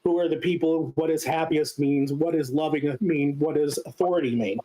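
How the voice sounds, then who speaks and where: A man's voice: on the high side, normal speed, warm tone, poor audio. Man lecturing with frequent ums. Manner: explanatory, many filler sounds. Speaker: guest speaker. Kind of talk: casual lecture.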